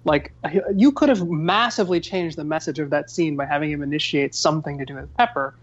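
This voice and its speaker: A man's voice: on the high side, a little fast, muffled recording. A man co-hosting a podcast, reviewing a film in a rambling, conversational way. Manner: rambling, conversational, frequent fillers.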